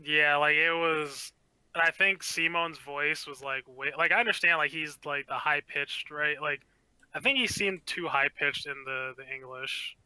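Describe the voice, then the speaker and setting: A man's voice: a little high, unhurried, bright, forceful tone, clean tone, no echo, poor audio. A man co-hosting a casual podcast, making short wisecracking quips with some swearing. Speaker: podcast co-host. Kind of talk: casual chat.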